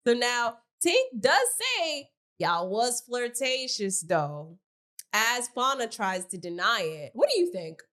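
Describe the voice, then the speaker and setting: A woman co-hosting a podcast, recapping reality TV in casual slangy chat, swinging between loud excitement and tired low talk. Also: takes it slowly. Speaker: podcast co-host.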